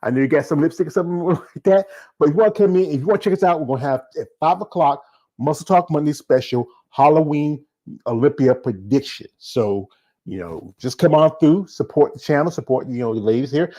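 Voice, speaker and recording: Fast-talking Southern American man host. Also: a little high, dark tone. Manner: fast talking with many fillers and restarts. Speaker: show host. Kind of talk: casual solo show wrap-up.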